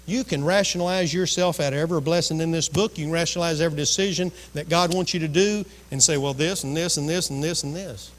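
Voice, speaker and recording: Male pastor preaching, higher than usual pitch, echo of a large church hall. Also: steady tone, fast, hardly any pauses. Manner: storytelling preacher who acts out voices. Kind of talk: sermon. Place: church sanctuary. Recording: long reverb of a church hall.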